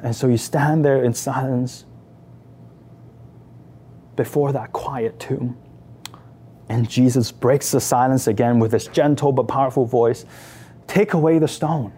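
A man's voice: mid-range voice, steady tone, measured pace, pauses often, warm tone, a little hiss or hum. A man leading a guided imaginative meditation, telling the story emotively in the second person. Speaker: prayer leader.

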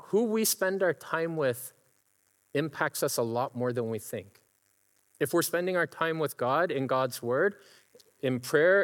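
A middle-aged man preaching a sermon, telling personal stories and breaking into laughter as he imitates a friend's laugh. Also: on the high side. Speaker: pastor. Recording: long hall reverb.

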